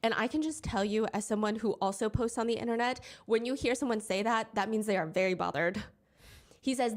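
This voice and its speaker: A woman's voice: on the high side, a little fast. A young woman narrating a commentary video in a conversational, wry tone with incredulous asides. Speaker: commentary YouTuber. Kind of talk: storytelling commentary.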